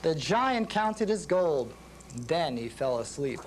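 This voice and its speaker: Male music teacher reading a children's rhyme, slow, very lively pitch. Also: slight background noise, low-quality recording. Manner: sing-song rhyming, slow. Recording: reading with instruments playing.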